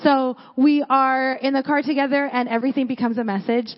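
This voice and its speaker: A woman's voice: high-pitched, steady tone, a little fast. A young woman from California giving a sermon at church, telling stories in a casual way full of "like". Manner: casual storytelling with many "like" fillers. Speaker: church speaker. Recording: echoey hall, dull lo-fi sound.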